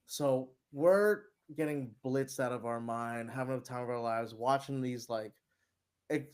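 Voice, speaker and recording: A man's voice: mid-range voice, measured pace, darkish tone, clear, resonant tone. A man from New York telling a long, rambling travel story in casual chat, swearing and laughing as he goes. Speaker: guest.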